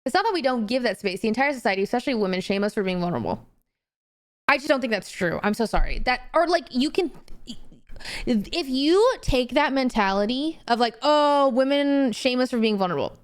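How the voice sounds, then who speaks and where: A young woman streaming and chatting casually, animated and swearing freely as she gets heated. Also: on the high side, brisk. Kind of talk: casual chat.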